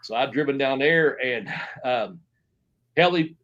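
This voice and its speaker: A man's voice: medium pitch, a little slow, a bit bright, lo-fi sound. A middle-aged man telling wrestling stories in a rambling, profane way, with many restarts and quoted back-and-forth dialogue. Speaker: interview guest. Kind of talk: casual storytelling.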